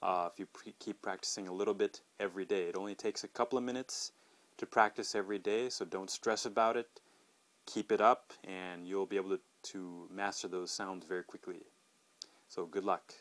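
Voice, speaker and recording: Middle-aged male pronunciation teacher, lowish voice, slow clear repeat-after-me drills. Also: fairly even intonation, a bit bright. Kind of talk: podcast pronunciation lesson.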